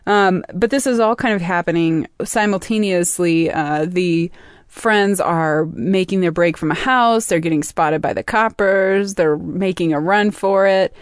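A young adult woman co-hosting a podcast chattily recaps a book in a casual discussion, full of fillers and laughs. Her voice is lowish and a little slow, and the recording is dry and studio quality.

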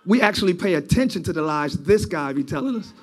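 A pastor preaching a sermon to his church, moving between loud, drawn-out shouted lines and quiet, close, conversational stretches. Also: high-pitched, expressive. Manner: preaching, swings from shouting to quiet intimate talk.

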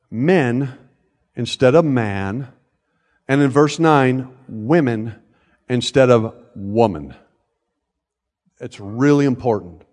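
A man's voice: mid-range voice, a little mellow, in a large hall. An older man preaching a sermon from a church pulpit, conversational, with joking asides and frequent check-ins with the congregation. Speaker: pastor. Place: church sanctuary.

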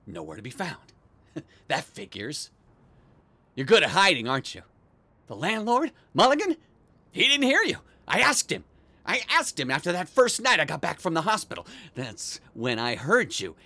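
An actor in an audio drama playing a sleepless, paranoid man obsessed with noises in the walls, swinging between muttering and yelling. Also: fairly high pitch, slightly rough, no echo, heavily acted. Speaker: actor in a one-man radio play.

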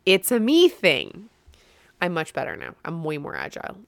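A woman hosting a solo podcast, telling a candid story about her own day with animated, self-mocking frankness. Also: low-pitched, moderate pace, creaky, dry recording. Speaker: podcast host.

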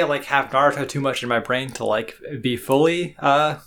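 Male podcast co-host, casual and rambling, full of fillers, mid-pitched. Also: moderate pace, fairly bright tone. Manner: rambling, heavy with fillers and restarts. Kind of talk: casual chat.

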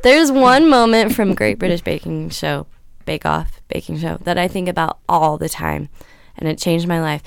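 Gal with a gravelly low voice telling a story on a podcast, dry mic. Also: female voice, moderate pace, no echo. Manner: animated storyteller. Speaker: podcast co-host. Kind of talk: casual chat.

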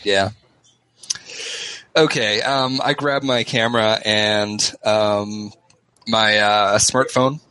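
A man with a low-pitched but bright voice, recorded dry and close. He plays his part in a tabletop game, hesitating with frequent ums as he describes his character's moves. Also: steady tone, slow pace, pauses often, clean tone, dry recording. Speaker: player.

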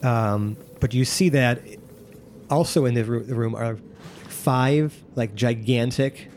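A man's voice: mid-range voice, slow pace, darkish tone, slight background noise. A man narrating as game master, rambling with many fillers.

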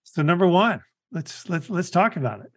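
A middle-aged man hosting a podcast, talking in a relaxed, casual way. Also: sits high, moderate pace. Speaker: podcast host. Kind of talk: casual chat.

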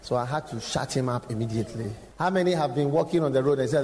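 A man preaching a sermon, telling stories with sudden shouts, acted quotes and direct questions to the congregation. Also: mid-range voice, fast talker, few pauses. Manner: engaging the audience with direct questions. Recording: long hall reverb, faint background noise.

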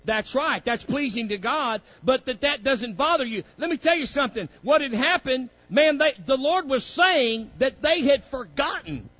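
A man's voice: extremely high pitch, animated, moderate pace, few pauses, bright, forceful tone, dry recording, muffled recording. A man leading a Bible study lesson for young students, folksy and preacherly, often saying "praise God". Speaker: Bible teacher.

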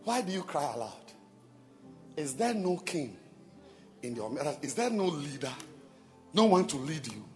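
A man's voice: a little high, very animated, moderate pace, long pauses, big-room sound, faint music behind. A male pastor preaching a sermon, repeating phrases and building up to emphatic calls to prayer. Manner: emphatic, repetitive, calls for responses.

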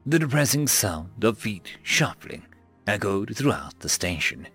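A man's voice: on the low side, big pitch swings, a little slow, fairly bright tone, husky, soft background music. A man reading a science fiction story aloud as narrator. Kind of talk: scripted narration.

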